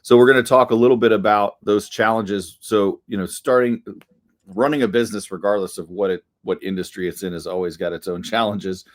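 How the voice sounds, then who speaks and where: A man's voice: fairly low pitch, steady tone, brisk. A man hosting a podcast interview, asking long, chatty questions with many fillers. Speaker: podcast host.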